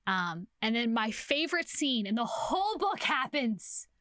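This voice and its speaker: A young woman co-hosts a podcast, casually recapping a romance novel with animated storytelling, acting out the characters, swearing and laughing often. Her voice is on the high side and a little slow, recorded dry and clean in a studio.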